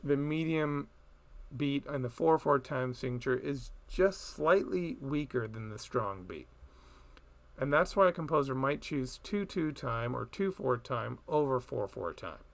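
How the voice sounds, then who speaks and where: A man teaching a recorded music theory lesson, explaining slowly and chanting beat patterns aloud. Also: medium pitch, expressive, gravelly.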